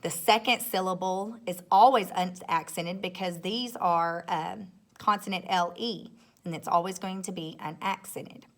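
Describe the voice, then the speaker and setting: A woman teacher walking young students through a phonics lesson step by step, patient and clear, often checking in with "okay?". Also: fairly low pitch, measured pace, fairly bright tone. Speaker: third grade teacher. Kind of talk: recorded classroom phonics lesson.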